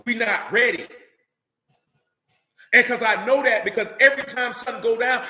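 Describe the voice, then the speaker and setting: A man's voice: very high-pitched, normal speed, sharp tone, echoey room. A man preaching a fiery sermon in blunt, profane street talk, hammering his points with repeated lines.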